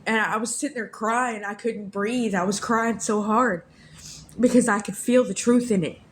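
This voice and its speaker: A woman's voice: medium pitch, steady tone, moderate pace, a little hiss or hum. Earnest woman telling a rambling story. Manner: earnest, rambling, with repeated phrases. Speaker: vlogger sharing a faith testimony. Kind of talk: personal storytelling.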